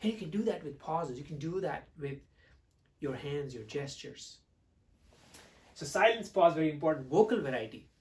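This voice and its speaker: Expressive male speaking coach, distant mic. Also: a little high, normal speed, pauses often. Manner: expressive, swings between loud and hushed delivery to demonstrate. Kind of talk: teaching talk to camera.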